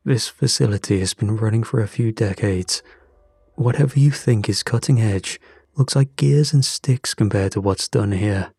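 A man voicing a pale, exhausted male scientist in his fifties who speaks in a hushed, strained voice that catches. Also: on the low side, moderate pace, creaky, slightly rough, dry recording, studio quality. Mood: hushed, shaken.

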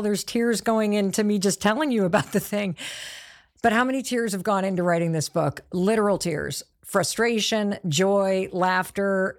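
A middle-aged woman, an author, announcing her new book straight to her audience, emotional and emphatic, with excited sighs and repeated phrases. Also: medium pitch. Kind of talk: emotional direct-to-camera announcement.

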